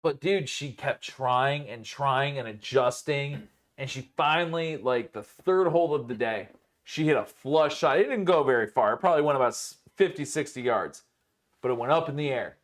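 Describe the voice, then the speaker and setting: A man's voice: mid-range voice, moderate pace. A young man co-hosting a podcast, telling rambling, profane stories in casual chat and leaning on filler words.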